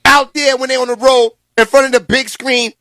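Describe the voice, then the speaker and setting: A man hosting a vlog, giving casual and animated sports commentary in slangy talk, laughing often. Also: very high voice, a little fast. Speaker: vlog host.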